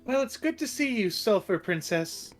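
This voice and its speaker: Animated melodramatic woman player. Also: mid-range voice, moderate pace. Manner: exclamatory, melodramatic. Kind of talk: in-character tabletop play.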